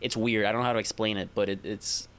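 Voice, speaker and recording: A man's voice: on the low side, little pitch movement, fast, fairly bright tone, clean tone. A young man talking casually among friends. He rambles, hesitates and starts his sentences over. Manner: rambling, hesitant, many restarts. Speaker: podcast co-host. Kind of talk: casual chat.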